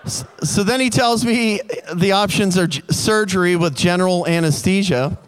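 A man telling a comic personal story in an animated way, building tension. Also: high voice, moderate pace, clear, resonant tone.

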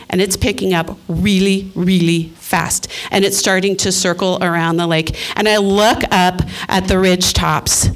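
Animated woman telling a personal story. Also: on the low side. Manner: animated, acts out her own thoughts and voices.

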